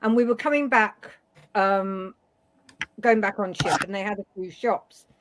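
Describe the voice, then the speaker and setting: A woman's voice: medium pitch, measured pace, noisy background. A woman from the UK co-hosting a casual web chat show, telling anecdotes and acting out the people in them. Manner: storytelling, quoting herself and others with lively voices. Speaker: co-host.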